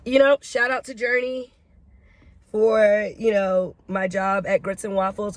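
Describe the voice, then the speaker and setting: A woman's voice: mid-range voice, vocal fry. A young adult woman talking through her feelings in a candid personal vlog, reflective and emotional, recorded in a car. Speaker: vlogger.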